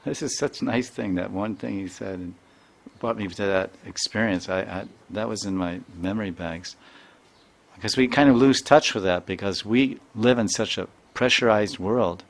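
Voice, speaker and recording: A man's voice: on the low side, moderate pace, creaky. An older man giving a devotional talk as a spiritual teacher, telling stories in emphatic, repeated phrases. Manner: repetitive, emphatic storytelling with Sanskrit terms.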